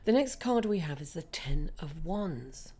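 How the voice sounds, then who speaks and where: A woman with a raspy voice, hoarse from being ill, giving a chatty tarot reading and calling her listeners darling. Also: low-pitched, lively intonation, a little slow, warm tone. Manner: chatty, calls listeners darling and guys, many fillers. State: hoarse from illness. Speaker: tarot reader. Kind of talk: casual tarot reading monologue.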